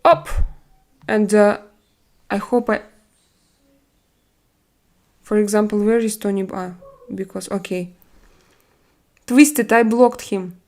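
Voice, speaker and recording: Her voice is mid-range, a little mellow and fairly even in intonation: a middle-aged woman with a Russian accent, Russian being her first language, chatting casually on a live stream. She answers viewers in a blunt, chatty way, halting often with fillers and restarts.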